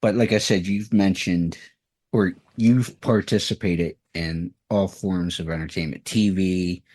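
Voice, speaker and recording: A man's voice: low voice, fairly even intonation, a little slow, a little mellow. A man hosting an interview show, asking long, rambling questions with restarts. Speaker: radio show host.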